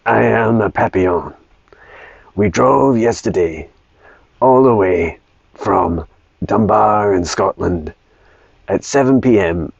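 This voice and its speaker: Man doing a calm little male dog, deep gravelly tone, slow formal delivery, lo-fi. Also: no room sound, heavily acted. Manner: slow, formal, carefully spaced speech.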